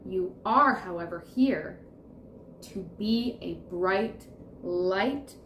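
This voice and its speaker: Gentle lady doing a tarot reading, keeps reassuring you, echoey room w faint hum behind. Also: medium pitch, animated, drawn-out words. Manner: soothing, reassuring, repeats affirmations. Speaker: tarot reader. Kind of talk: pick-a-card tarot reading to camera. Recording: roomy echo with faint background noise.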